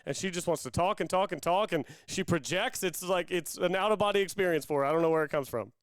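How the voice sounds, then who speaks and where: A man's voice: sits high, fast talker, clean tone, no room sound. A man, co-hosting a sports podcast from a playroom at home over a call, easygoing and chatty. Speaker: podcast co-host. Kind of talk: casual sports podcast chat. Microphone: remote call.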